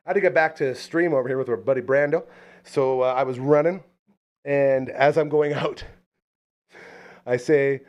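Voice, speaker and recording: A man's voice: mid-range voice, steady tone, fairly quick, long pauses, a little mellow. A man hosting a casual talk podcast, telling stories in a chatty way and reading sponsor plugs playfully. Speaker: podcast host. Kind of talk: casual chat.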